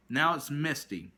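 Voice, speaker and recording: A man telling a ranting story about a long customer service call, animated and exasperated, acting out both sides of the conversation. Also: fairly high pitch. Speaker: vlogger.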